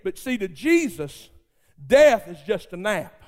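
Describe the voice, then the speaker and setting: A male preacher tells his sermon with dramatic fervor and a colloquial touch. His voice sits very high. A long reverb from a big church hall follows his words. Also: very animated, takes it slowly, darkish tone. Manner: fervent, dramatic storytelling.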